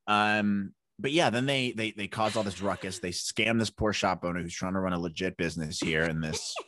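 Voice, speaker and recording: A man co-hosting a podcast in casual chat, joking and animated, often laughing and jumping his pitch up for emphasis. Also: normal speed, noisy background. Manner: joking, animated, jumps into silly voices and laughs. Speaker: podcast co-host.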